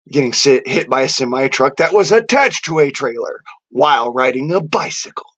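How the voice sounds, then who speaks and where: A vlogger rants angrily to camera, defiant and boastful, swearing heavily throughout. His voice is fairly high-pitched and fairly bright, and the lo-fi audio sounds dull.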